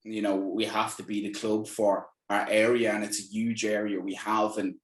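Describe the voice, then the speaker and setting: Low-voiced Irish man in a roomy room. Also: level tone, moderate pace. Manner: chatty, acts out quoted lines with bursts of energy. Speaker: podcast host. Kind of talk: casual chat. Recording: roomy echo.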